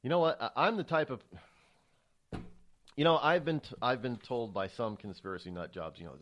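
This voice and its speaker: A man's voice: mid-range voice, a little fast. A man hosting a talk radio show, speaking in a rambling, emphatic monologue full of restarts and stammers. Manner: animated, emphatic delivery.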